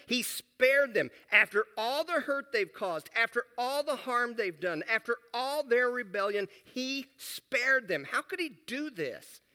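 A man's voice: extremely high pitch, bright, forceful tone, pitched above the performer's own voice, full character voice. A man voicing an indignant, resentful male prophet in a dramatic journal reading, complaining emphatically.

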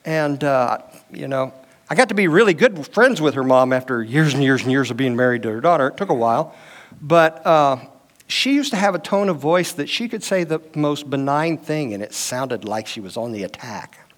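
A man's voice: medium pitch, animated, normal speed. A middle-aged man teaching a marriage class in a casual, conversational way, telling stories from home. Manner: conversational, uses personal anecdotes and quoted dialogue. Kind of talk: teaching session with audience questions.

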